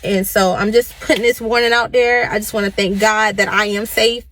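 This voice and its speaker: A woman's voice: medium pitch, flat delivery, normal speed, fairly bright tone. A woman giving an earnest, pleading safety warning to viewers.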